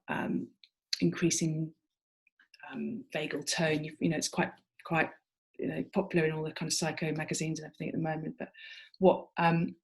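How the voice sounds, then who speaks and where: A woman's voice: sits low, darkish tone. A woman therapist explains treatment techniques to fellow practitioners in an informal teaching talk. She talks it through conversationally, building her points as she goes.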